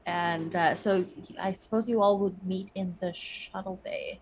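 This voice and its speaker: A woman's voice: on the low side, steady tone, a little slow, slight background noise, low-quality recording. Filler-heavy woman running a tabletop game. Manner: hesitant, many fillers. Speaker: game master.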